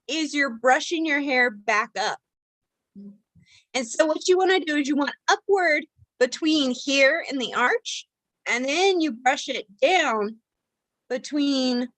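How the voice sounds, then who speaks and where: A woman with a somewhat high voice walks viewers through a makeup how-to in a loose, chatty way. She rambles, restarts and fills gaps with "you know" and "like". The sound is close and dry, with little room around it. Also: a bit bright, dry recording, poor audio. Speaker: makeup tutorial host. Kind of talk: casual how-to demonstration.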